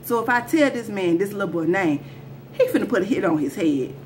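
A woman's voice: medium pitch, expressive, fairly quick, slight background noise. A woman telling a personal story to her viewers in a casual storytime vlog, talking in slang and speaking straight to them. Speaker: storyteller vlogger.

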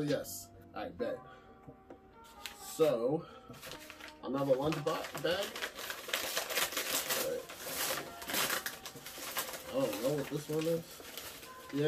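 A man in a casual, slangy unboxing chat, addressing his viewers as a crowd of friends. His voice sits somewhat high for a man and sounds set back from the microphone. Music plays clearly underneath. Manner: slangy, chatty, talks to viewers as "y'all". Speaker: vlogger unboxing anime figures. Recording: distant mic with music behind.

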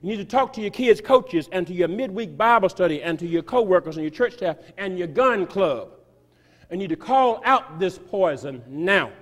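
High-voiced preacher in a reverberant hall. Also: male voice, expressive, normal speed. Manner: emphatic, sweeping shifts of loudness and pace. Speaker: pastor. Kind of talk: sermon reading a quoted article aloud. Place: church sanctuary.

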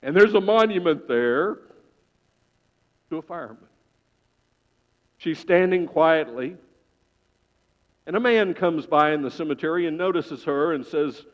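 A man preaching a sermon in church, telling a story with sudden loud swells and quiet hushed drops. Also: a little high, lively intonation, unhurried, pauses often. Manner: dramatic storytelling, swelling loud then dropping to a hush. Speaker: pastor. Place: church sanctuary. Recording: dull reverberant church sound.

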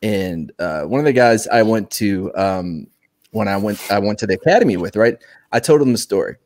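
A man and former soldier telling a story in casual live-show chat, animated and laughing often. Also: lowish voice, moderate pace.

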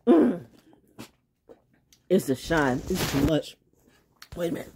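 A woman vlogging in a casual livestream monologue, blunt and swearing, laughing often and swinging from loud shouting to low muttering. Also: big pitch swings, takes it slowly, background noise. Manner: blunt, swears, trash-talking.

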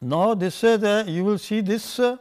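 Older male scholar, somewhat high-pitched; unscripted, halting lecture, chants quotations slowly. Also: darkish tone, clear, resonant tone. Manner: halting, many "uh" and "you see", chants quoted verses slowly. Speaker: scholar lecturing on scripture language.

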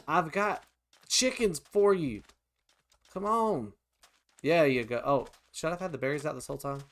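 A man hosting a video game let's play, chatting casually and often bursting into high-pitched shouts and laughter. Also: lively intonation, moderate pace, slight background noise. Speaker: gaming channel host.

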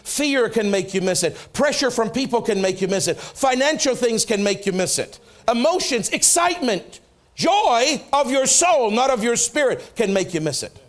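A middle-aged man, a pastor preaching a sermon in a church, telling a personal story and acting out the dialogue, going soft and low for quoted words. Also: moderate pace, hardly any pauses. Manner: animated storytelling, acts out prayers and dialogue, drops soft for quotes. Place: church sanctuary.

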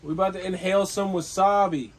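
A man's voice: high-pitched, steady tone, fast. A young man co-hosting a vlog outdoors in a backyard, talking loosely and joking, with plenty of swearing. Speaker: vlog co-host. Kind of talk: casual chat.

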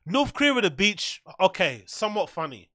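A man's voice: sits high, sing-song, fairly quick, sharp tone, dry recording, clean studio sound. A man hosting a reaction video, mocking and swearing freely as he comments.

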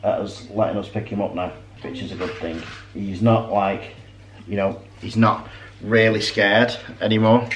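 A man giving a relaxed, easygoing tour in a casual home vlog, indoors at home. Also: lowish voice, moderate pace, a little hiss or hum, low-quality recording. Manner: relaxed and easygoing, showing things around.

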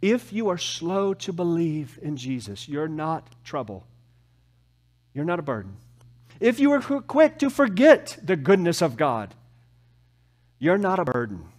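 A man preaching a sermon as pastor, with emphatic rises and soft, slow, drawn-out drops. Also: a little high, very animated. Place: church.

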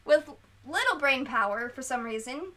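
Brief: sleepy young woman streamer, high bright voice, a bit off-mic, rambles and giggles. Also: normal speed, far from the mic, rough recording. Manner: rambling, giggly, animated storytelling. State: sleep deprived. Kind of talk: casual chat. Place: indoors on a couch at home.

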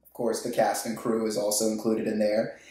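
A man's voice: on the low side, level tone, normal speed, warm tone. A man hosting a casual unboxing, chatting with joking, self-mocking asides. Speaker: host. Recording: echoey room.

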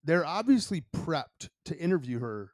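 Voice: mid-range voice, sing-song, moderate pace, no room sound. A podcast co-host chatting casually and making dry, wry remarks. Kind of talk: casual chat.

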